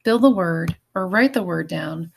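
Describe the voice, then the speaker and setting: A woman teacher giving a recorded phonics lesson, patient and clear, walking through each step. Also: on the low side, lively intonation, unhurried, a little hiss or hum.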